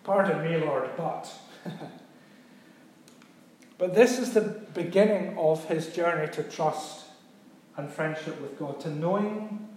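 A man's voice: on the high side, takes it slowly, long pauses, darkish tone. A male pastor giving a sermon in a conversational, teaching way, often checking in with his listeners. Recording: very echoey room.

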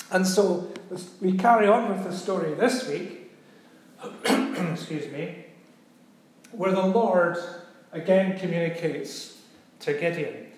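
A man's voice: high-pitched, slow pace, pauses often. A male pastor giving a sermon in a conversational, teaching way, often checking in with his listeners. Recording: very echoey room.

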